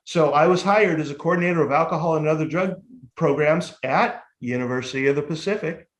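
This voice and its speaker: A man telling his life story as a guest on a casual podcast interview, lively and candid, swearing now and then. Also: on the high side, brisk, reverberant. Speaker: guest, motivational speaker and life coach.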